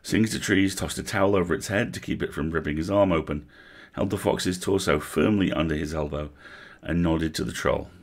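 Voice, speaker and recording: Male storyteller, deep voice with gravel, reads aloud in an expressive, vivid way. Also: brisk. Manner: vivid, animated narration. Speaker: storyteller on a livestream. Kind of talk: expressive book reading.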